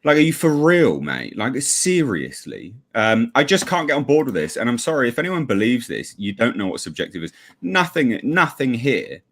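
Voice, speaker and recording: A man's voice: medium pitch, very animated, moderate pace. A man giving blunt, sweary, sarcastic livestream commentary as a regular panelist.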